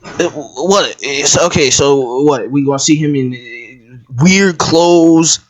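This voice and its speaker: Ranty reviewer, drawls then suddenly yells, stutters and swears a lot. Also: medium pitch, takes it slowly. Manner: yelling outbursts, stammering repeats; profane and exasperated. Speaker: video commentator. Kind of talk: ranting show review commentary.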